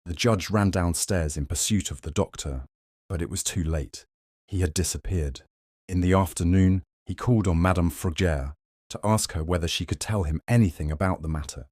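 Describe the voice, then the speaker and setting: Male narrator, very low voice, dry close sound, measured reading of a classic tale. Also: a little mellow, dry recording. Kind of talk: reading a classic short story aloud.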